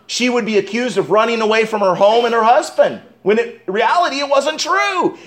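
High-pitched preacher man, emphatic and swinging. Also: expressive, normal speed, hardly any pauses. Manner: emphatic preaching, swings between loud stresses and low asides; asks the congregation direct questions. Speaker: pastor. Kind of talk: sermon.

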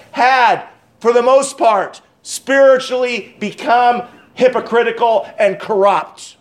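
A male pastor preaching a sermon, swinging from loud emphasis to hushed tones and reading scripture aloud. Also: very high-pitched. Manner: reads scripture aloud in King James wording.

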